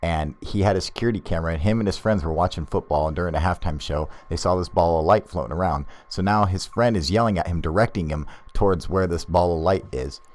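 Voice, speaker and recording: Deep-voiced, cursing commentary guy. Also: fast, few pauses. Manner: profane, excitable, chatty. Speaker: video host. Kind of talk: casual video commentary.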